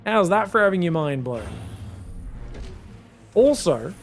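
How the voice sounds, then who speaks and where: A man giving solo esports commentary in a chatty, joking way with excitable asides. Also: high-pitched, takes it slowly, faint music behind. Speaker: esports caster.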